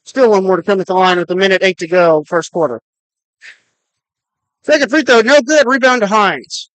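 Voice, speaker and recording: An adult announcer calling a high school basketball game on radio, with rapid, clipped calls of each pass and shot and the clock counted down aloud. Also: expressive, fairly bright tone, clear, resonant tone, no echo, poor audio. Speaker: play-by-play announcer.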